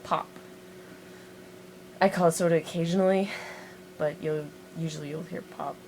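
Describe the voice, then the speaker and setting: A woman's voice: low-pitched, steady tone, moderate pace, a little mellow, slight background noise, rough recording. A woman from Montana with an American accent, chatting casually and reading a word list aloud with self-deprecating asides, recorded on the built-in mic of a handheld music player. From Montana, USA. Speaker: vlogger doing an accent challenge.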